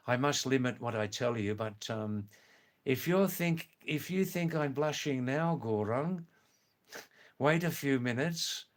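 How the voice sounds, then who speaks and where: Australian male streamer, unhurried and deliberate, mid-pitched, chuckles often while reading comments. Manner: slow, careful and clear, with frequent chuckles. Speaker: live stream host. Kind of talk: casual live-stream chat reading viewer comments.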